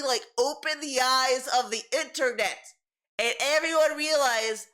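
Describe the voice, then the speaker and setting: A man's voice: very high-pitched, sharp tone, pitched above the performer's own voice, full character voice. A man doing a mocking impression of a smug, boastful male streamer gloating to his chat. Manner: mocking, whiny, exaggerated.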